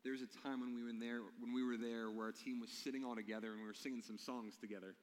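A man's voice: mid-range voice, level tone, racing. A man preaching a sermon, telling stories and asking his listeners questions. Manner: storytelling, asks the congregation questions. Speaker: pastor. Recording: long hall reverb.

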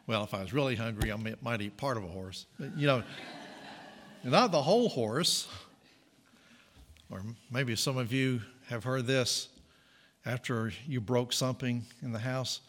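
A man's voice: mid-range voice, sing-song, unhurried, fairly bright tone, in a large hall. A man preaching a conversational sermon, correcting himself and adding jokey asides. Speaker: pastor.

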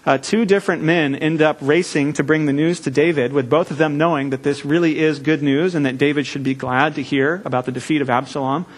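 A man preaching a sermon in a church, earnest and measured, with deliberate pauses. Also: on the high side, steady tone. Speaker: pastor.

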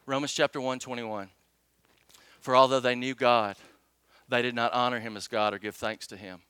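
A man's voice: mid-range voice, fairly bright tone, clear, resonant tone, no room sound. A man preaching a sermon, reading scripture emphatically and asking the congregation rhetorical questions. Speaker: pastor.

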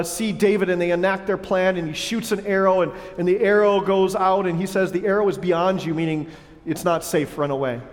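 A man preaching a sermon as pastor, emphatic and stacking lists of repeated words. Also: high-pitched. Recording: long reverb of a large hall.

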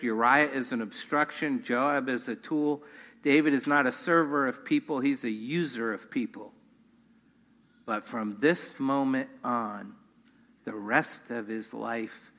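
Earnest man preaching, bright, reverberant. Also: mid-range voice. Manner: earnest, rises in force on key points. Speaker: pastor. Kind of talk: sermon. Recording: long hall reverb.

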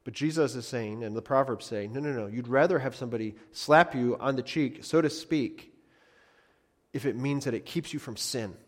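A man preaching a sermon as a pastor, earnest, often repeating phrases for emphasis and swinging between loud and soft. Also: medium pitch, moderate pace, long reverb tail.

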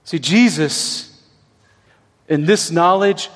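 A man preaching a sermon in a conversational way, often checking in with his listeners through quick tag questions. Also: fairly high pitch. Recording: long reverb of a large hall.

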